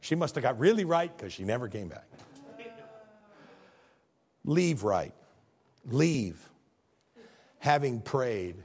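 A man's voice: medium pitch, sing-song, takes it slowly, pauses often, slightly rough. A middle-aged man, a pastor from Illinois, preaching a folksy sermon in church, joking and then pressing the congregation with questions. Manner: folksy, joking preacher swinging between hushed asides and loud exhortation.

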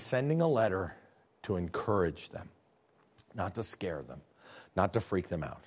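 A man preaching a sermon in a folksy, conversational way, swinging from loud exclamations to hushed tones. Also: low voice, big pitch swings, unhurried, pauses often, breathy edge. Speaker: pastor.

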